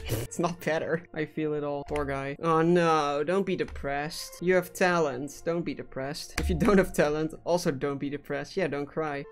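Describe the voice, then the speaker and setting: A young man giving casual, sarcastic gameplay commentary as a gaming YouTuber, swearing and laughing often while he plays and ranks levels. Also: a little high.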